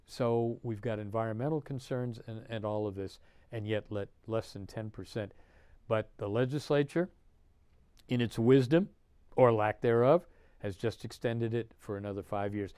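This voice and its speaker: A man's voice: mid-range voice, a little mellow, clear, resonant tone, dry recording, clean studio sound. An older man, a state senator giving an emphatic, indignant political monologue. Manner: emphatic, indignant, punchy phrasing.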